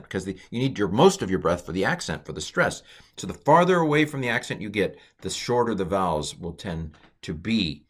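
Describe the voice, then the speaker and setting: A man's voice: expressive, moderate pace. Chatty man teaching over slides. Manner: chatty and digressive, many uh and um fillers, stress jumps to high notes. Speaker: Hebrew teacher. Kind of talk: casual recorded lecture over slides.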